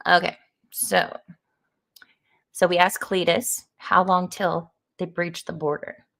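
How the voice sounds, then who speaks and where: Chatty woman streamer with gravelly fry. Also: fairly low pitch, steady tone, takes it slowly, a bit bright. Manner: chatty, rambling, frequent fillers, greets viewers. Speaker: streamer hosting an AI text adventure. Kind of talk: casual live-stream chat.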